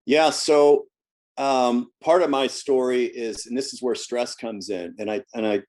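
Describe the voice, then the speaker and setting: A man's voice: medium pitch, fairly even intonation, a little slow, darkish tone. A man who works as a health coach, talking casually in an interview and telling stories from his work, often restarting and repeating words.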